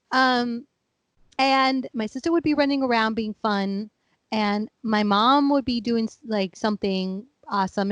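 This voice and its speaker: A woman's voice: a little high, no echo. A woman in her thirties, a podcast co-host, telling stories in casual chat and acting out her family's voices. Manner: animated storyteller, acts out family members; laughing, chatty.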